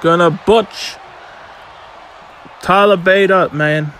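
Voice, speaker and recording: A man calling a wrestling video game match as play-by-play commentary, shouting excitedly at the big moves. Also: sits high, takes it slowly, a faint crowd, slight background noise.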